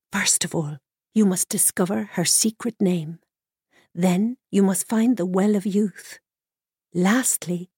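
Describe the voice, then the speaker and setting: Woman reading wise druid in bird form, calm, steady instructions, dry close sound. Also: medium pitch, husky, no echo.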